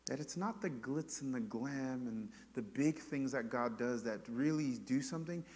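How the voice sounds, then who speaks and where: A man preaching a sermon to a congregation, moving between loud, emphatic preaching and quiet, intimate passages. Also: mid-range voice, moderate pace. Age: adult parent. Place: church sanctuary before a congregation. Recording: long hall reverb in a church.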